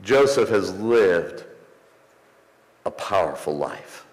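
A man preaching a sermon as pastor, rising into emphatic swells and slowing for pauses. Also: sits low, big pitch swings. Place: church sanctuary. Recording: echoey church hall, some distance.

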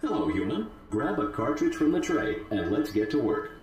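A man's voice: medium pitch, big pitch swings, normal speed, darkish tone, a little hiss or hum, close to an everyday voice. A man voicing a cheery robot boss character in a video game, giving friendly instructions, heard distant and very echoey. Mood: instructing.

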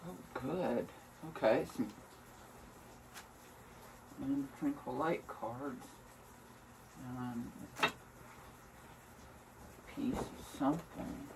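A woman with a bass voice drags out her words and leaves long pauses as she vlogs from home, rambling casually and venting bluntly with plenty of swearing. She sits away from the mic, and faint room noise can be heard.

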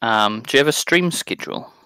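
Dry-witted British man, bright voice. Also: mid-range voice, a little fast, clear, resonant tone, poor audio. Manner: dry, deadpan humour. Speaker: guest co-player. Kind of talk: casual chat while playing a game.

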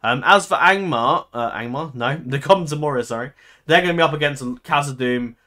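A man's voice: a little high, a little fast, bright, forceful tone. A man giving casual commentary over a strategy game. He rambles and fills his talk with ums and self-corrections. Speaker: gaming channel host.

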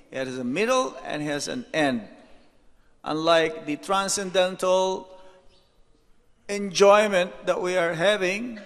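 Slow high-voiced monk in echoey hall. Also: male voice, fairly bright tone. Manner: unhurried, with rhetorical "hmm?" asides; storytelling, reads out anecdotes. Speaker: monk giving a lecture. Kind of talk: devotional lecture. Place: temple hall.

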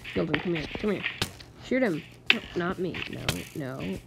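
Woman, gaming host, casual commentary, lively pitch, noisy recording. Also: normal speed, vocal fry. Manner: chatty, exasperated, talks to game mobs.

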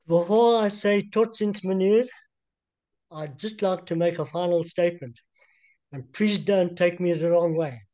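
Older man, high voice, slow pace, polite teasing, interview guest. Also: mellow. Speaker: guest, air force veteran. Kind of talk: casual interview chat.

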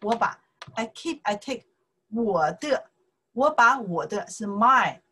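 A woman with a Chinese accent, a native Chinese speaker, teaching a casual language lesson in slow, repetitive steps and checking "okay?" after each point. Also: fairly high pitch, lively intonation, sharp tone, a little hiss or hum, poor audio. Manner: slow, repeats words, says okay often.

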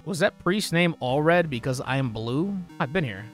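A man streaming a game live, talking through it in an excitable, profane way with sudden yelling outbursts. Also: on the high side, measured pace, few pauses. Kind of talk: live gameplay commentary. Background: faint game soundtrack music.

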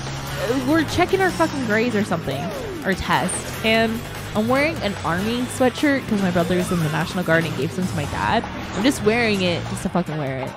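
A young adult woman co-hosting a casual chat, telling a story in an animated way and swearing casually. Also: mid-range voice. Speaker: co-host. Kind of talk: casual chat while watching a show.

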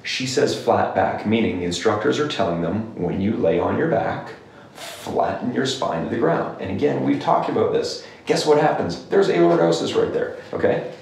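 A man's voice: lowish voice, lively intonation, normal speed, vocal fry, darkish tone, recorded from a distance. A male clinician giving exercise advice in an emphatic rant to camera, repeating "okay?" often. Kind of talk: direct-to-camera rant video. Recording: very echoey room, somewhat off-mic with faint noise.

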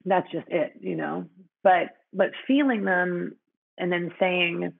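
A woman's voice: fairly low pitch, steady tone, slow, gravelly, phone-quality sound. A woman guest in a conversational interview, speaking frankly with many fillers and frequent laughter.

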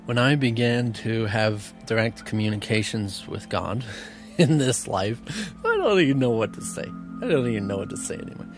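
A man giving an earnest, emotional spiritual talk, often laughing softly between thoughts. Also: medium pitch, lively intonation, normal speed. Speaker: spiritual teacher. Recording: music bed under voice.

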